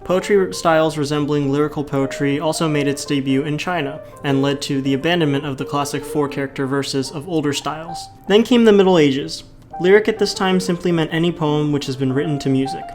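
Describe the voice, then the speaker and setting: A man reading a school presentation from a script in a steady voice. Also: fairly high pitch, fairly quick. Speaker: student presenter. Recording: soft guitar music behind.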